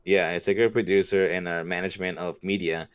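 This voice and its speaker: Low-voiced hesitant male co-host. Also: fairly even intonation, fast, a crowd in the background. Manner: defensive, hesitant, full of fillers. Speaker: podcast co-host. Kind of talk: casual chat.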